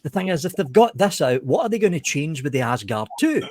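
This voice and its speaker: Lively sweary man reviewing vapes. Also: on the high side, a little fast, a little hiss or hum. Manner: blunt, sweary, animated. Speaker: vape show panelist. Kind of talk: casual banter.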